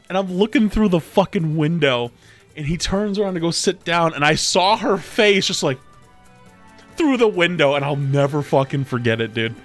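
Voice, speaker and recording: A young man in his twenties, a streamer casually telling a story, animated and profane, often getting loud. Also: high-pitched, moderate pace, faint music behind. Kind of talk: casual storytelling while gaming.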